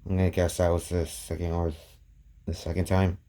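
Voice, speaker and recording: A man retelling a fan story off the cuff, halting and restarting often. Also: low voice, completely flat delivery, warm tone. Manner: halting, many restarts and "goes like".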